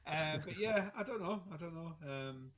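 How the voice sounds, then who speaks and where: Rambling Scottish man, fairly high voice. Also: lively intonation, normal speed, a bit bright. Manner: rambling, wry, lots of fillers. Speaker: podcast co-host. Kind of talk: casual chat.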